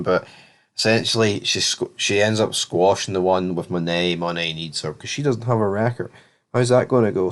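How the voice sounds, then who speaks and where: Blunt man recapping a TV episode. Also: on the low side. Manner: rambling, blunt, opinionated with frequent fillers. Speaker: TV review host. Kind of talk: casual episode recap review.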